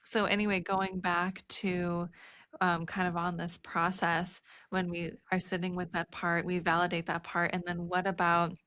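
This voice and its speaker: Emotional and close to tears, this birth educator in her thirties talks earnestly on her birth-focused podcast, her casual speech peppered with "like" and "you know." Her lowish, fairly bright voice keeps a level tone and moves at normal speed.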